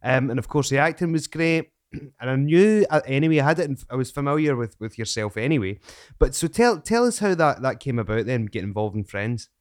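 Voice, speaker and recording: A man's voice: mid-range voice, expressive, brisk, dry recording, clean studio sound. A man hosting an interview, asking rambling, self-correcting questions. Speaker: interview host. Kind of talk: casual interview.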